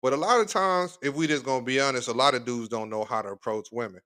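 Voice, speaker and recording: A man's voice: mid-range voice, quick pace, sharp tone, clear, resonant tone. A man hosting a reaction video, giving casual, slangy commentary with joking asides.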